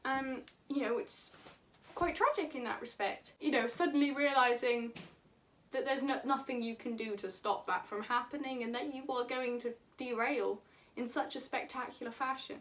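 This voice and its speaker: High-voiced woman, animated infodumping. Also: normal speed, far from the mic. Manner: animated, chatty, laughs as she talks. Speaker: vlogger. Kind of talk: enthusiastic casual infodump.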